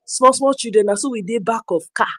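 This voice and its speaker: A woman with a Nigerian accent, telling stories in casual chat and acting out the quotes loudly. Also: a little high, brisk, dry recording. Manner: animated storyteller, acts out quotes loudly. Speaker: podcast host. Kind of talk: casual chat in Pidgin storytelling.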